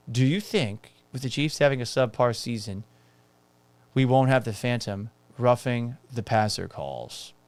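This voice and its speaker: A man's voice: medium pitch, vocal fry. A man hosting a live-stream sports talk show, answering viewer comments in a brash, sarcastic and profane way, sometimes slipping into sing-song teasing. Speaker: sports talk podcast host.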